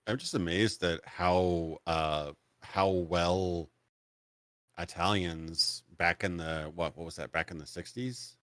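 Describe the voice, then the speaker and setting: A man with a low voice in easygoing podcast chat, recorded dry and close. He laughs often and trails into fillers as he thinks. He sounds like a relaxed co-host. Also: slow, dry recording. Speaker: streamer co-host.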